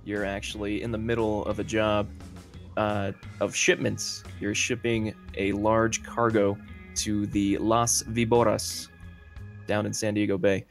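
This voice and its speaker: Man game master, low voice, casual rambling narration, faint music behind. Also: little pitch movement, unhurried. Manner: loose, full of fillers and hedges. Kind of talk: narrating a tabletop role-playing game.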